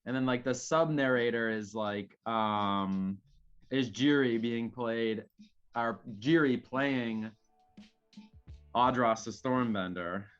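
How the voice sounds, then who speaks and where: Slow, rambly male player reading his story aloud, dull lo-fi sound with faint music. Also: mid-range voice, clean tone. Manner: rambling, many fillers. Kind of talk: casual tabletop game chat and storybook narration.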